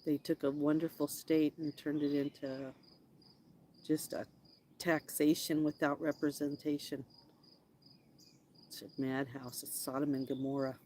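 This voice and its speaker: Low, rugged-voiced woman chatting outdoors. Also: little pitch movement, a little slow, long pauses, warm tone, a little hiss or hum. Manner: chatty, talks to backyard animals in a playful singsong. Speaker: vlogger. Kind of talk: casual live chat with viewers. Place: backyard outdoors.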